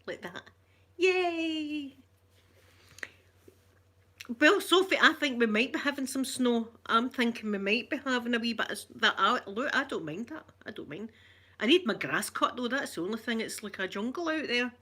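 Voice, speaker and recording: An older Scottish woman chatting softly and affectionately in an ASMR vlog, rambling along and greeting viewers by name. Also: a little high, expressive, brisk, husky. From Scotland. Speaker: ASMR vlogger.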